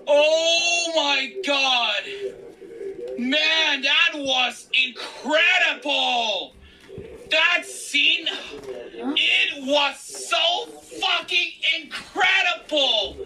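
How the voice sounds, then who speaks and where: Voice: high voice, very slow, recorded from a distance, crowd noise, poor audio. A gamer reacting to a horror game, swearing, gasping and shrieking at each jump scare. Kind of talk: screaming game reaction commentary.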